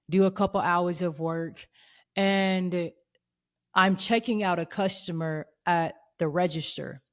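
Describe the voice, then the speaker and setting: A woman in her thirties tells a personal faith story on her podcast. Her voice sits a little low, and she speaks earnestly and expressively, slipping into the voices of the people in her story. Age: 30s. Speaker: podcast host.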